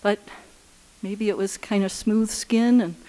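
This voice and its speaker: A woman telling a personal story live on stage at a story slam, earnest and unhurried, with halting restarts. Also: medium pitch, steady tone, warm tone.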